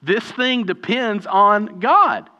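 A man's voice: high voice, animated, takes it slowly, bright, forceful tone. A man leading a group Bible study in an informal, conversational way, putting questions to the group. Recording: dull lo-fi audio with long room reverb.

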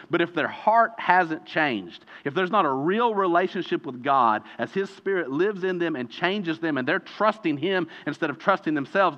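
Animated man preaching in an echoey hall. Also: on the high side. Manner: animated, emphatic preaching with dramatic slowdowns. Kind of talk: sermon. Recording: dull reverberant hall recording.

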